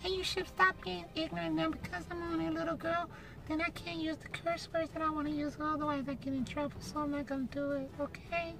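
A man voicing a sweet little girl character for a cartoon, in a high girlish squeak. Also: level tone, fairly quick, creaky. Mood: sweet, chatty. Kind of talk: cartoon voice acting.

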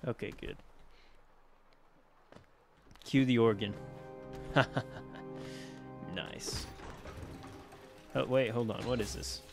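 A man giving casual gameplay commentary into his desk mic, chatty and quick to exclaim, talking back to the enemies on screen. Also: medium pitch, creaky, over music. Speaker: let's play gamer. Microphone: personal desk mic.

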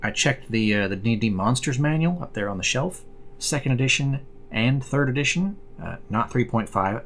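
A man's voice: medium pitch, slight background noise. A man hosting a casual explainer video about collectible cards, chatty and rambling with fillers and restarts. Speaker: card collector host.

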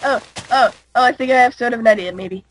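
A woman chatting in a casual game session, giggly and quick with exclamations. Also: on the high side, slight background noise, rough recording. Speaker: gaming guest. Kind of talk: casual gaming banter.

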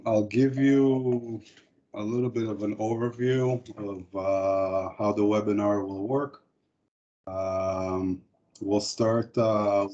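A man presents a corporate product webinar over a computer microphone, his voice low-set and mellow. He talks haltingly and stops often to find his words. The audio is dull and lo-fi, the way a web call sounds. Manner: halting, frequent hesitations.

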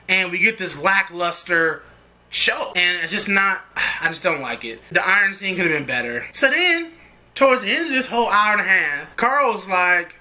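A man's voice: sits high, animated, normal speed, pushed and bright. A young man giving a casual, rambling spoken review of a TV episode in a slangy, conversational way.

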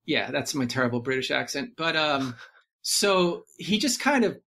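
A man talking casually on a podcast, rambling and animated, full of fillers and restarts. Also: a little high, moderate pace. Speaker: podcast guest. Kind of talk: casual movie discussion.

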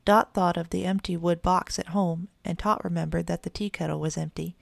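A woman narrating a children's storybook in an even, measured reading. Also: lowish voice, creaky, no room sound.

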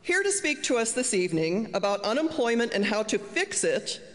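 A woman reads a formal, prepared introduction as the event host. Her voice sits a little high for a woman. The long reverb of a lecture hall hangs behind her words. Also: sing-song, a little fast.

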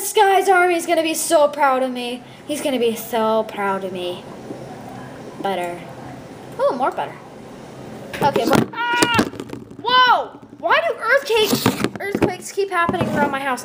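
A high-pitched woman chatting her way through a block-building game, rambling and goofy with lots of ums. A faint hum of noise sits under her voice. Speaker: gameplay video maker. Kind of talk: casual gameplay commentary.

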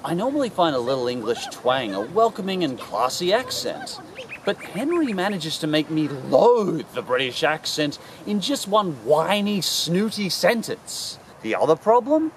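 A man hosting a comedic cartoon review with a sarcastic, animated delivery. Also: on the high side, unhurried, a little hiss or hum. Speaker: host.

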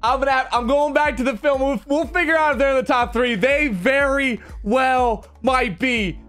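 A man giving live commentary over his own video game match, excitable and talking straight at the game as he plays. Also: very high-pitched, normal speed, soft background music. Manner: excitable, talks and pleads at the game.

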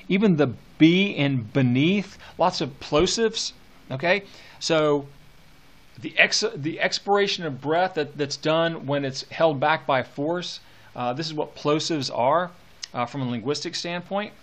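A man's voice: fairly high pitch, unhurried, fairly bright tone. A male teacher lecturing on poetry with enthusiasm, reading verse aloud with relish.

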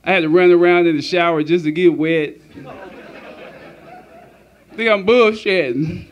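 A man's voice: high voice, measured pace, highs cut off, a faint crowd, a little hiss or hum. A man doing a crude, profane stand-up comedy set on a club stage, laughing at his own jokes.

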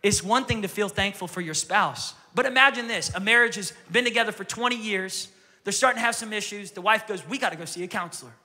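A male pastor preaching a sermon in a church with energetic, repetitive phrasing that sometimes drops to a whisper. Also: sits high, a little fast, in a large hall. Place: church sanctuary.

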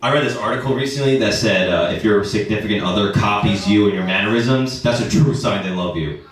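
A young man doing a stand-up comedy set in a club, animated and jumping into high squeaky voices when he quotes women. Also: fairly quick, soft background music. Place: comedy club with a live audience. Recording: echoey club from a distance, crowd laughing.

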